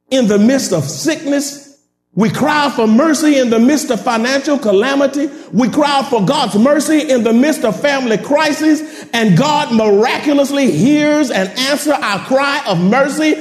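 A man preaching a sermon to a congregation, calling out to them with laughing asides and building to shouted, sing-song climaxes. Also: very high-pitched, normal speed. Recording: echoey hall from a distance.

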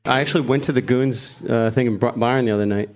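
A middle-aged man, a guest on a live podcast, telling a story in an animated way, with frequent laughter. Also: mid-range voice, fast talker.

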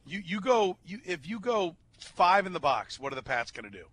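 Animated stammering man talking football. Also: high voice, normal speed, a little hiss or hum. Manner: animated, stammering restarts, rhetorical questions. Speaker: co-host. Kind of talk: casual sports chat.

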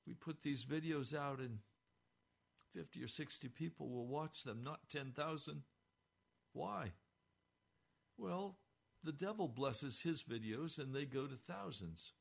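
An older man preaching a sermon as a pastor, impassioned, swinging between hushed and crying out, his voice almost hoarse. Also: fairly high pitch, a little slow, pauses often.

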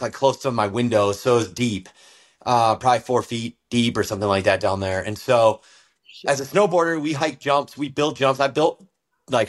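A man who used to snowboard professionally tells a story in a loose, animated way, full of fillers like "like" and "dude.". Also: medium pitch. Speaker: guest, former pro snowboarder. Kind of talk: casual storytelling in an interview.

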